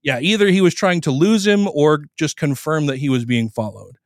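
A man's voice: fairly high pitch, normal speed, dry recording, clean studio sound. A man hosting a podcast, casually retelling a court case in a conversational, profane way and briefly acting out the people he quotes. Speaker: podcast host.

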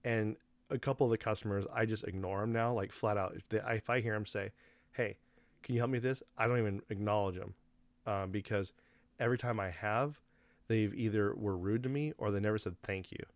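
Man, podcast host, low voice, casual rambling storytelling, dry close recording. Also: fairly quick, no room sound, highs cut off. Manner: rambling, animated retelling with quoted dialogue.

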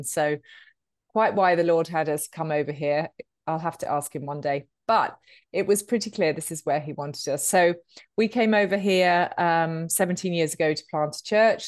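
A British woman in her fifties chats easily as a podcast guest, good-humored and full of little ums. Her voice sits a touch low, and the sound is close and dry. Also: no echo. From Britain. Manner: chatty, warm-humored, many ums. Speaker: podcast guest, author and speaker. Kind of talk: conversational interview.

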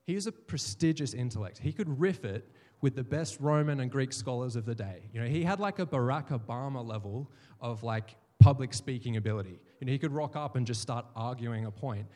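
A male pastor preaches in a church hall, his mid-pitched voice carrying a long reverb tail. He tells stories and slips into the voices of the people he quotes. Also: expressive, a little fast, few pauses, dark tone. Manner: storytelling, acts out quoted voices. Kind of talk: sermon.

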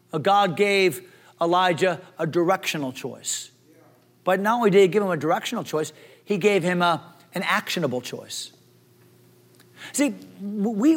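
A man preaching a sermon as pastor, with energetic delivery, humorous asides and frequent restarts. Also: high voice.

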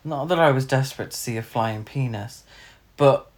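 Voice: mid-range voice, normal speed. Exasperated film critic, sweary. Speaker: podcast co-host. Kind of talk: casual film review chat.

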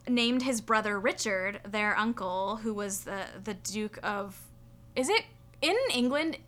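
A woman's voice: mid-range voice, a little slow, a bit bright. A young woman co-hosting a podcast, telling a story in casual chat and rambling with fillers and asides. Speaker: podcast co-host.

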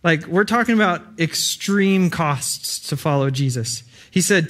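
A man's voice: a little high, unhurried, hardly any pauses, fairly bright tone. A young adult man preaching an earnest, conversational sermon with frequent fillers.

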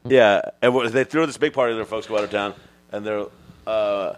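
A man's voice: on the low side, fairly even intonation, moderate pace. A man appearing as a guest on a casual podcast, dry and teasing as he tells a party story.

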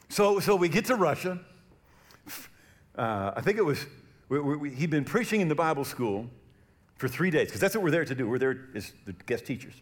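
A middle-aged male pastor preaching a sermon, telling stories and acting out the voices in them loudly. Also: a little high, brisk. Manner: animated storytelling, acts out quoted voices loudly.

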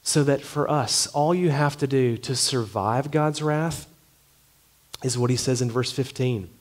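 Male pastor mid-sermon: earnest, emphatic, drops to hushed phrases. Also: mid-range voice, measured pace.

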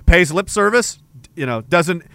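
Male streamer, high and lively, profane and mock-outraged, dry close mic. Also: unhurried, creaky, no room sound. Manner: profane, joking, mock-indignant. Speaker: streamer reading chat. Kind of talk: casual chat.

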